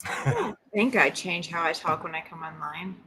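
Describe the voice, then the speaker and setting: A woman from Alabama co-hosting a casual livestream, telling stories in a relaxed way. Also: fairly low pitch, normal speed, a little hiss or hum.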